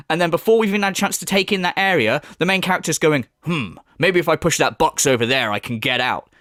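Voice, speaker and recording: A man's voice: a little high, a bit bright, no room sound, studio quality. A man giving a profane, mocking rant as a commentary YouTuber. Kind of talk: ranting reaction commentary.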